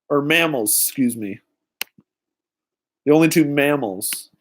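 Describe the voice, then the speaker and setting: Excitable young man hosting a trivia livestream. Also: fairly high pitch, measured pace, pauses often. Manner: excitable, greets chat viewers. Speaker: livestream host. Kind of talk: live-stream trivia chat.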